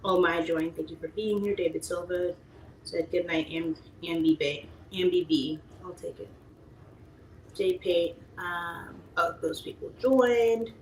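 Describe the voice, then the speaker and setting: A woman's voice: on the low side, a little slow. A woman hosting a casual livestream, chatting and reading out viewer comments, who slips into playful voices when she tells stories. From United States. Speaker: livestream talk show host. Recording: roomy echo, faint background noise.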